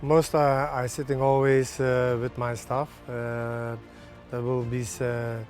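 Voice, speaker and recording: A man, a national team's head coach, answering in halting non-native English with many pauses and fillers in a TV sports interview. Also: medium pitch, completely flat delivery, darkish tone, faint music behind. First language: not English.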